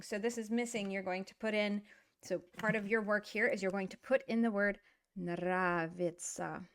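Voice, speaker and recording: A woman's voice: medium pitch, fairly even intonation, moderate pace, no room sound, clean studio sound. A woman giving a casual, chatty language lesson with lots of fillers and an upbeat manner. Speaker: Russian language teacher.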